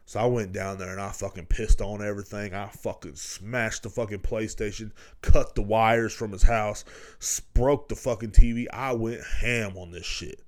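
A man's voice: lowish voice, steady tone, normal speed. A man, hosting a podcast and telling rambling, profane stories, laughing as he goes. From Texas. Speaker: podcast host. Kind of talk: casual storytelling.

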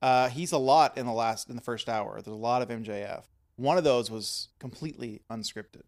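A man's voice: medium pitch, fairly quick. Man telling stories animatedly, trailing off. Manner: animated storyteller, trails off quietly at phrase ends. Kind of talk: casual wrestling chat.

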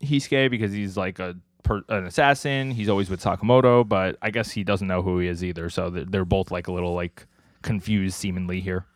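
A man's voice: sits low, fairly even intonation, brisk, no echo, clean studio sound. A man co-hosting a podcast who chats casually about manga, often laughing and using lots of filler likes. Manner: giggly, with many likes. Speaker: podcast co-host.

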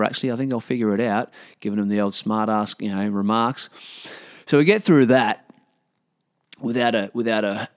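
Aussie guy ranting through a story, kinda low voice, swears heaps, dry sound. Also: gravelly, no echo. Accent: Australian. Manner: blunt, profane, rambling. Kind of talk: casual anecdote.

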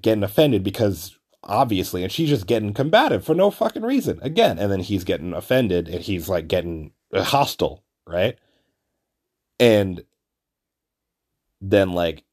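A man's voice: fairly low pitch, moderate pace. A man hosting a podcast, telling a rambling, profane story with lots of fillers and restarts, acting out the people he quotes. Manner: acts out quoted people in animated bursts. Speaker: podcast host. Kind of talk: casual storytelling monologue.

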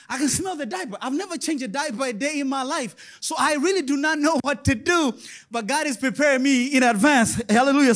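A man preaching a sermon in a very high voice. He talks to the congregation in a lively, sing-song way and chuckles between points, with quick call-outs to the crowd. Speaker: pastor.

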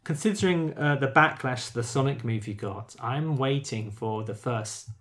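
A man's voice: medium pitch, moderate pace, fairly bright tone. A man, co-hosting a casual podcast and making playful, jokey asides. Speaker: podcast co-host. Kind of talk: casual chat.

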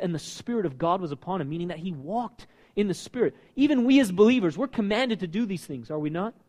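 A man preaching a sermon as pastor, animated and asking his listeners questions. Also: high voice. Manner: animated, asks the congregation questions. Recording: long reverb of a hall.

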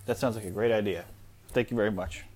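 A man's voice: lowish voice, steady tone, fast talker, a little mellow, husky. A man in his thirties hosting a solo podcast, ranting bluntly and with exasperation, with lots of "like" fillers, recorded at home with his small kids nearby. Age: 30s. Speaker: podcast host.

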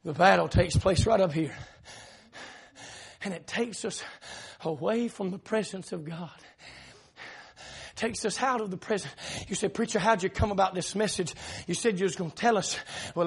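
A middle-aged man with a Southern accent preaching a sermon in church, telling a long story with frequent "uh" fillers and loud shouted peaks. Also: high-pitched, husky. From South Carolina.

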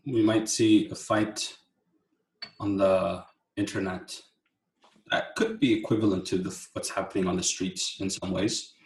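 Low-voiced man in a roomy, echoey room. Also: steady tone. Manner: reflective, halting, repeats words. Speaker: podcast co-host. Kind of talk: casual chat. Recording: roomy echo.

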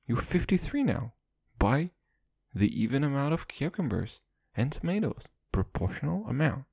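A man's voice: medium pitch, very animated, moderate pace, vocal fry, darkish tone, breathy edge, no echo. A young man hosting a podcast solo, telling loose, profane, jokey stories and calling himself "your boy". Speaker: podcast host. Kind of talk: rambling comedic monologue.

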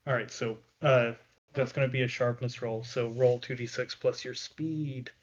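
A man narrating as game master of a tabletop game, in a measured way with many filler pauses. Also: medium pitch, fairly even intonation, highs cut off.

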